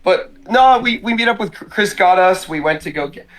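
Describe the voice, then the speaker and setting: A man's voice: high voice, animated, moderate pace, crowd noise. A young man from Canada hosting a podcast, telling stories in rambling, jokey casual chat with plenty of swearing. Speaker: podcast host.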